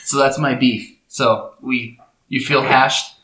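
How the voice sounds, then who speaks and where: A talkative man in his thirties whose first language is Spanish, cohosting a relaxed chat and often breaking into laughs. His voice is bright and forward. It sits in an echoey room at home. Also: medium pitch, slow pace. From Spanish-speaking country. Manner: chatty, laughs often, stammering restarts. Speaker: podcast co-host. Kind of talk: casual chat. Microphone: desktop mic on a video call.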